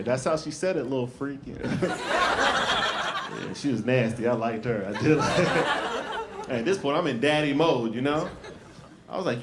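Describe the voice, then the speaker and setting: Animated New man doing stand-up. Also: fairly high pitch, normal speed, long pauses, very noisy. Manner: animated, loud shouted punchlines and put-on voices for others. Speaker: stand-up comedian. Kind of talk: stand-up comedy set. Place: comedy club stage with audience laughter.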